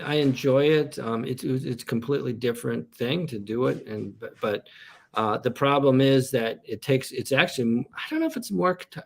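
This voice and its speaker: Male comedian guest, gravelly tone, chatty meandering storyteller. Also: mid-range voice. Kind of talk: casual interview chat.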